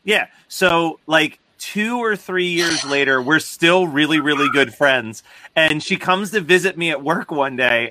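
A man's voice: a little high, unhurried, bright, forceful tone, a little hiss or hum. A man hosting a podcast, telling a story in a casual way and laughing as he talks. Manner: laughs through his stories. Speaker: podcast host.

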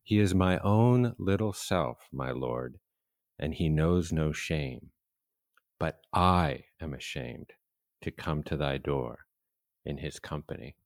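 A man hosting a podcast interview, soft-spoken and measured, reading a poem aloud. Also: rumbling low, animated, gravelly, dry recording. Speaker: podcast host. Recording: dry close sound.

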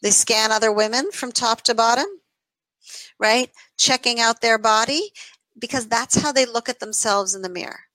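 A woman with a somewhat high voice talks through ideas as an interview guest. She is animated and keeps asking "right?" to hold the listener. The sound is dry and close, with no room around it. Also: moderate pace, no echo, rough recording. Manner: animated, acts out inner voices, says "right?" often. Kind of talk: conversational explaining in an interview.

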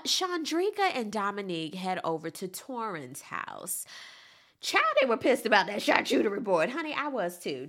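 Sassy, lively woman recapping a show. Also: a little high. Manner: sassy, emphatic, chatty asides to the viewer. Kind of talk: casual show recap commentary.

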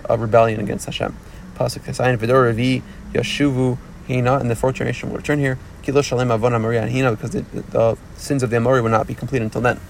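A man's voice: mid-range voice, gravelly, slight background noise. A man teaching a Rashi class, reading Hebrew phrases of each verse and translating them into English with frequent restarts. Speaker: Torah teacher.

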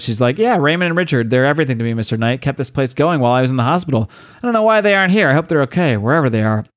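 A man hosting a comics podcast, casually recapping a story and acting out the dialogue in raised, excited voices. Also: clean tone, dry recording, clean studio sound. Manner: acts out dialogue with high-pitched voices, swears casually. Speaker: podcast host.

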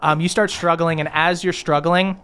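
A man running a tabletop game as game master, narrating in a relaxed way with many fillers. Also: fairly high pitch, moderate pace, smooth.

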